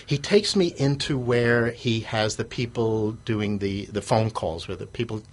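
A man guest telling a casual business story, stammering and repeating words as he gets animated. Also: fairly low pitch, measured pace.

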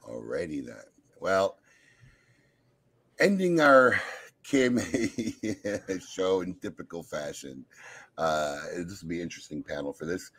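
A man hosting a podcast in casual group chat, animated and teasing with quick asides. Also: low-pitched, husky. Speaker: podcast host.

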